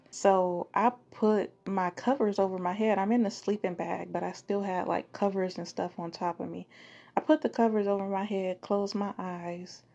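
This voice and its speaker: A woman's voice: mid-range voice, a little mellow, highs cut off. A woman in her thirties hosting a podcast, telling a personal story in a loose, conversational way, cursing and laughing at herself. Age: 30s. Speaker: podcast host.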